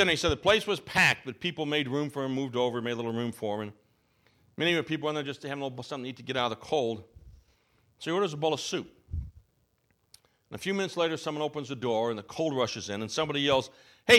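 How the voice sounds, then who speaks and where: A male pastor preaching a sermon, telling a story with expressive, rising and falling delivery and slow, emphatic phrases. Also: mid-range voice.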